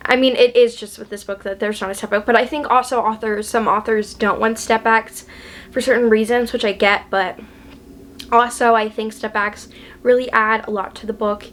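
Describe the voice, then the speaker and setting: A woman's voice: a little high, steady tone, moderate pace, a bit bright. A woman book vlogger in a casual chat, gushing and chatty, with lots of ums and likes.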